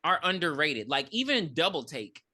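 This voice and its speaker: Woman, podcast co-host, blunt profane movie talk, low pitch, bright tone. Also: sing-song, normal speed. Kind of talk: casual movie chat.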